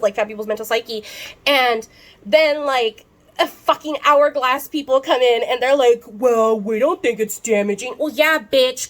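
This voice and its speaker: A woman's voice: mid-range voice, a bit bright. A young woman vlogger ranting heatedly to her camera, swearing often and rambling with lots of fillers and restarts. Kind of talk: unscripted rant to camera.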